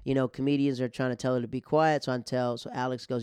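A man's voice: mid-range voice, flat delivery, fast, darkish tone, clear, resonant tone, no echo, clean studio sound. A male stand-up comedian telling a long story in a casual, rambling way, with restarts, acting out the other people in it.

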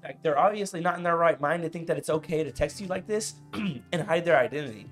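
A young man co-hosting a podcast, telling a story in casual chat, animated and laughing often. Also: on the high side, fast, faint music behind. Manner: animated, laughs often, says "bro" and "I was like". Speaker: podcast co-host.

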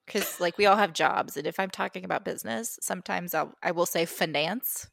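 A woman co-hosting a podcast in casual, animated chat, giggling often. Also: lowish voice, creaky, no room sound, studio quality. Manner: animated, giggly, quick asides. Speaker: podcast co-host.

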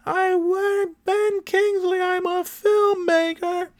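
A man putting on the voice of a pushy, clueless middle-aged woman fan, shrill and insistent. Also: flat delivery, takes it slowly.

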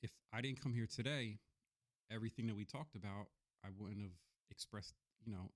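A man's voice: fairly low pitch, fairly quick. A man talking as a guest in a casual podcast chat, upbeat, often asking "you know what I mean".

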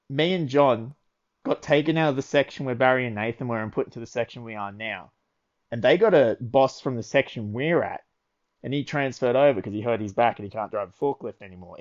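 A young man, telling rambling work stories in casual chat. He swears constantly and laughs through his own anecdotes. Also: mid-range voice. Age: early 20s. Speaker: podcast co-host. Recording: lo-fi dull audio.

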